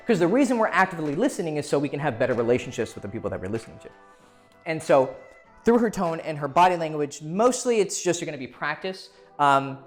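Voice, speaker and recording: A man giving casual, blunt dating advice to camera, swearing freely and acting out what people say. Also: a little high. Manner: blunt and profane, acting out quoted voices.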